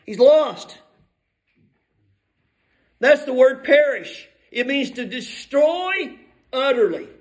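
A man preaching a sermon, emphatic, swinging from soft asides to shouted appeals. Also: very high-pitched, expressive, takes it slowly, pauses often, poor audio.

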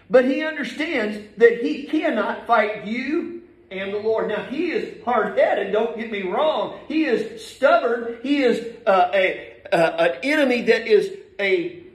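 High-voiced man preaching in an echoey church. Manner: emphatic, reads scripture aloud with rising force. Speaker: pastor. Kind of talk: sermon. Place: church sanctuary.

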